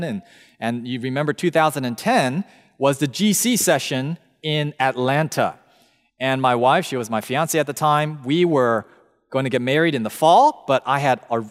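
Animated man preaching in a reverberant hall. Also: fairly high pitch. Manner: animated storyteller who acts out quoted voices. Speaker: camp meeting speaker. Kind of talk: sermon with personal storytelling.

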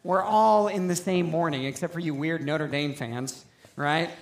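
High-voiced pastor preaching in a roomy church. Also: male voice, unhurried. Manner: conversational, self-interrupting preaching with asides. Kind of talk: sermon. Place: church sanctuary.

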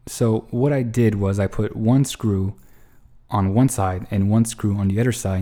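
In a casual monologue, a man unhurriedly tells a long, wandering story, swearing often and restarting his sentences again and again. His slightly low voice has a dark, mellow quality, and he relives his frustrations with exasperated, animated energy.

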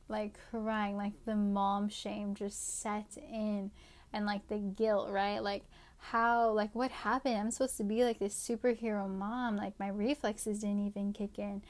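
Chatty young mother telling a story. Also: medium pitch. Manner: chatty, many fillers like "like" and "right?". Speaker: podcast host. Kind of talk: casual faith-based storytelling.

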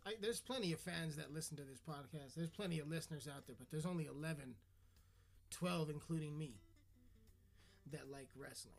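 A man's voice: on the high side, a little fast, gravelly, faint music behind. A man hosting a podcast, ranting in a crude, sarcastic, swearing comedic style. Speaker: podcast host. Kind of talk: profane comedic rant.

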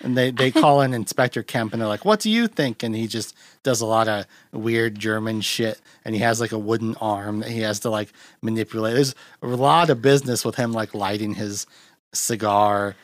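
A man's voice: on the low side, fairly even intonation, normal speed, dry recording, studio quality. A man hosting a podcast, recapping a film in loose, rambling casual chat and acting out quotes in a raised voice. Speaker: podcast host.

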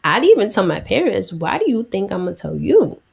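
A woman's voice: mid-range voice, big pitch swings, a little fast, vocal fry, breathy edge, full character voice. A woman voicing a hot-headed, petty young strongman in an indignant, sulky way, within a casual retelling.

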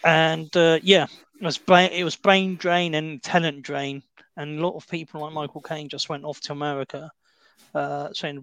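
A man's voice: fairly high pitch, little pitch movement, moderate pace, a bit bright, clean tone, dry recording. A British man chatting casually about a film, explaining with asides and restarts. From Britain.

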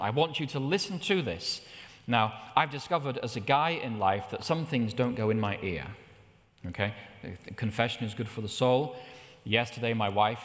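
Preacher in a reverberant hall. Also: male voice. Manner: anecdotal, with animated rises in pitch. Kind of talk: sermon.

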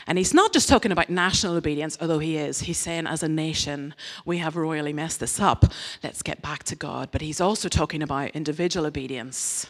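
A woman giving a lively, humorous sermon, acting out quoted voices with big leaps up in pitch. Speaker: preacher. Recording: long hall reverb.

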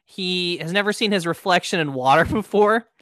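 A man co-hosting a podcast, chatting casually in a relaxed, hesitant way with many fillers. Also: high-pitched, normal speed, no room sound. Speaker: podcast co-host. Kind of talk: casual chat.

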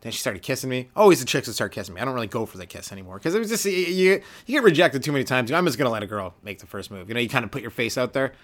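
A young man from Canada hosting a solo comedy podcast, rambling loosely, swearing freely and acting out quick little voices for the people in his stories. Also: mid-range voice, very animated, fairly bright tone. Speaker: podcast host, stand-up comedian.

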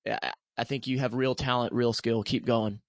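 A man's voice: mid-range voice, level tone, normal speed, no echo. An American man co-hosting a podcast, talking earnestly and encouragingly and often repeating himself. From United States. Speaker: podcast co-host. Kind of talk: casual podcast talk.

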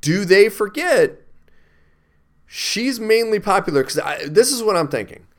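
A man's voice: high voice, sing-song. A man co-hosting a podcast, giving opinionated takes in a casual chat about films. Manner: opinionated, quick bursts of complaint. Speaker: podcast co-host. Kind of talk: casual film review chat.

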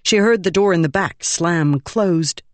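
An audiobook narrator reading a fantasy novel in a measured, expressive storytelling manner. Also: mid-range voice, no room sound.

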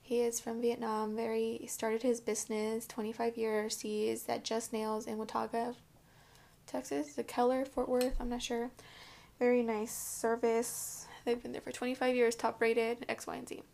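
A woman's voice: fairly high pitch, little pitch movement, normal speed, gravelly, darkish tone. A woman hosting a podcast in casual chat, rambling and swearing freely while getting ready at home. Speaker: podcast host. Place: indoors at home, curling hair.

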